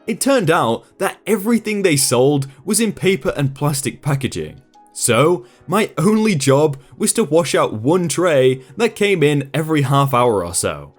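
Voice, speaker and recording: A man narrating a story aloud with dry, sarcastic timing. His voice sits a bit high and moves with lively, animated pitch, while faint music plays behind him. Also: a little slow.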